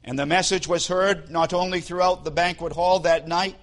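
A man preaching a sermon and retelling a scripture story in a deliberate, solemn way. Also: sits high, steady tone.

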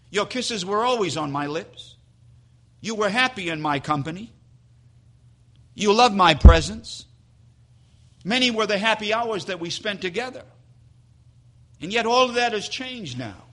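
A man's voice: high-pitched, a bit bright, voice pushed up, exaggerated voice. A man voicing a heartbroken, tearful middle-aged wife pleading with her husband.

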